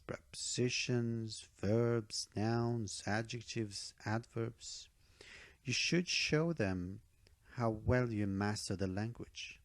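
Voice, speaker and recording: Male test-prep teacher, low gravelly voice, emphatic, keeps checking in with the viewer. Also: dry recording. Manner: emphatic, checks in with "okay?" and "all right?"; repeats key advice for emphasis. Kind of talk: online speaking-test tutorial.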